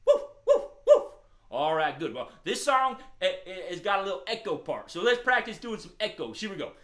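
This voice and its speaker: A man voicing an excitable, friendly male hound dog puppet on a children's show, talking in halting, stammering bursts. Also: sits high, roomy sound, full character voice. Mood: eager.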